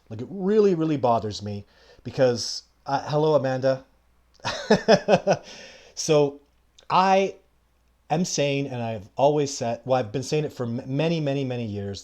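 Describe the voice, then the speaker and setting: Chatty man telling a story live. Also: medium pitch. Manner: chatty, greets viewers mid-sentence; animated anecdote telling with frequent laughter. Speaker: live show host.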